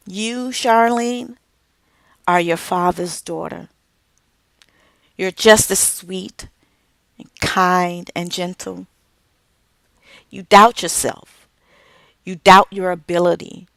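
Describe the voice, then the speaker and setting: A middle-aged woman giving an inspirational speech about her family, slow and emphatic with dramatic pauses. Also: medium pitch, a bit bright, dry recording. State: tearful at moments. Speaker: author and speaker.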